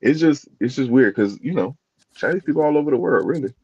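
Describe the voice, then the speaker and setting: A man's voice: mid-range voice, lively intonation, quick pace, darkish tone, highs cut off, slight background noise. A man co-hosting a podcast in casual chat, rambling and restarting as he searches for words. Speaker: podcast co-host.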